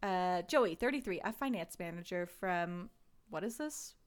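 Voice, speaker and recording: A woman's voice: lowish voice, lively intonation, a little slow. A woman co-hosting a casual podcast, giggly and gossipy, with frequent swearing. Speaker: podcast co-host. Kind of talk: casual chat.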